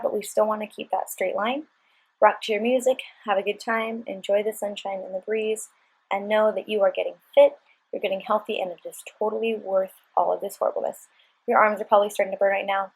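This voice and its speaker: A woman coaching a workout in a voice-over, chatty and encouraging throughout. Her voice sits at a middling pitch with a breathy, slightly husky edge. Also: rough recording. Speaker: fitness instructor.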